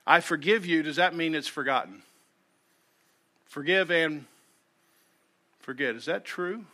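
Male pastor, sermon read, bright and forceful, slightly high voice, earnest, restarts his phrases. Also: measured pace. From United States. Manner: earnest, repeats words when starting sentences.

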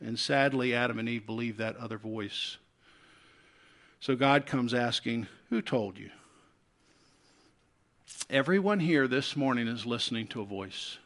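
Swinging from loud, urgent pleas to soft, hushed ones, this Southern US pastor delivers his sermon at a moderate pace. His voice sits in the mid range.

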